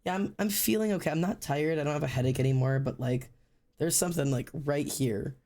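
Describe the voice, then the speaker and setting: Hoarse-throated man streaming casually. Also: a little mellow. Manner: chatty, rambling, swears casually; deliberately low-energy delivery. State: sore throat. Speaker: livestreamer. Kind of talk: casual livestream chat while drawing.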